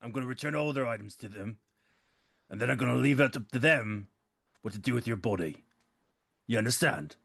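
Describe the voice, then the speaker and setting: A man's voice: medium pitch, expressive, brisk, gravelly, pauses often, a bit bright, no echo, clean studio sound. A man playing a tabletop role-playing game, questioning sternly in character. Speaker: player.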